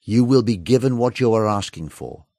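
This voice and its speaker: A man voicing Jesus in a Bible story reading, with calm, measured authority. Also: fairly low pitch, dry recording, studio quality.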